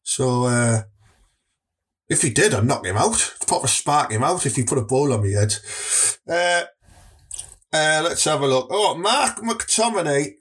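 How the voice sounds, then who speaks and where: A man's voice: on the high side, sing-song, measured pace, pauses often, a bit bright, husky. A man with a Teesside accent answering viewer questions in a rambling, crude, joking way. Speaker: comedy vlogger. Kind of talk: casual comic Q&A.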